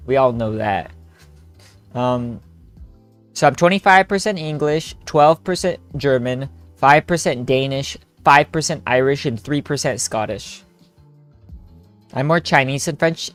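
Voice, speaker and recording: Young man rambling over a game. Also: medium pitch. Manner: rambling, joking, laughs often, swears casually. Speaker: streamer playing a story game with friends. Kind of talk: casual gaming chat. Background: faint game music.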